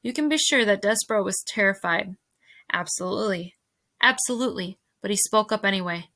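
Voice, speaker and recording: A woman teacher reading a novel aloud to her fifth-grade class, expressive and speaking directly to her listeners. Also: medium pitch, fairly quick, dry recording.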